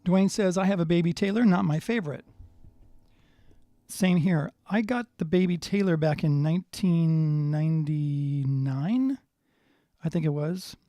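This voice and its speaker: A guitar teacher gives a live lesson, relaxed and thinking aloud as he tunes and plays, with guitar sounding in the background. His voice sits a little high and he talks a little slowly, with no echo.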